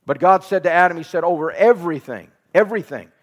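A man's voice: high-pitched, fast talker. Preaching man in a reverberant hall. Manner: preacherly, repeats phrases for emphasis, asks the congregation questions; laughs while telling a home story. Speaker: pastor. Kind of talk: sermon.

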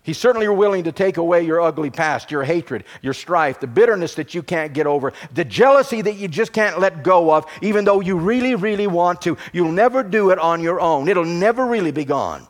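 Male preacher, high-pitched and highly animated delivery, fervent sermon cadence with sudden hushed drops. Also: brisk, hardly any pauses. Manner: preaching with rising emphatic bursts and quiet drops.

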